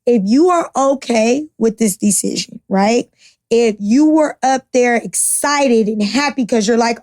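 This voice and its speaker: Woman podcast co-host, high register, fired-up and blunt, swears a lot; dry, close mic. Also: unhurried, darkish tone, dry recording. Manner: passionate, blunt, swears freely. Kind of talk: casual opinionated chat.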